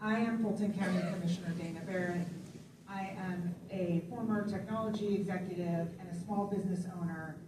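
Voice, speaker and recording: A woman's voice: on the low side, steady tone, fairly quick. Woman, county commissioner, assertive campaign speech, distant mic, roomy, noisy recording. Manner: firm, assertive. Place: public forum hall. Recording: echoey room with audible noise.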